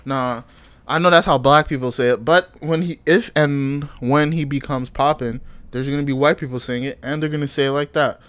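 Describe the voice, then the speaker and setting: A man's voice: mid-range voice, steady tone, moderate pace, a bit bright, clear, resonant tone, no room sound. A man hosting a podcast in casual, joking chat, teasing his co-host and laughing often.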